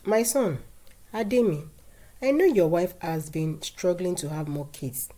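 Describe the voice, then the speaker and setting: A woman's voice: on the low side, measured pace, lightly acted. A woman voicing a domineering, demanding older mother-in-law in a storybook tale. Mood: sweet. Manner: scornful, loud, turns tearful.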